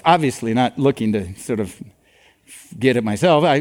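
A man's voice: on the high side, normal speed, long pauses. An older man preaching a sermon as a pastor, telling stories and acting out the dialogue with animation. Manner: animated storytelling that acts out dialogue. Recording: long reverb of a large hall.

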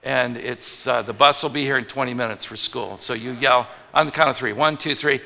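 A male pastor preaching a conversational sermon, moving from loud emphatic lines to hushed ones. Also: medium pitch, fairly quick, gravelly, a crowd in the background. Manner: conversational, animated, swings between loud and hushed. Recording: reverberant hall.

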